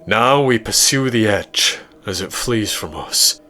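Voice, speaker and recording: A man voicing an arrogant, volatile male scientist who speaks pompously and a little louder. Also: on the low side, animated, takes it slowly, slight background noise, heavily acted.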